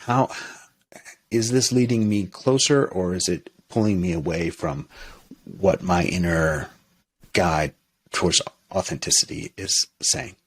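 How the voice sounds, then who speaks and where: A man's voice: low-pitched, unhurried, slightly rough. A man who is a minister, talking in a reflective interview, hesitant and thoughtful, with frequent restarts and fillers.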